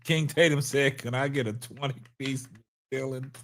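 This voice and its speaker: A man's voice: mid-range voice, steady tone, moderate pace. A man hosting a live stream, laughing hard and whooping between casual remarks to his chat. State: laughing to tears. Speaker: livestream host.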